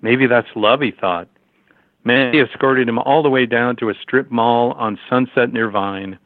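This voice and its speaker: A man narrating a story in a steady, measured reading over a tinny phone-like line. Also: medium pitch, no room sound.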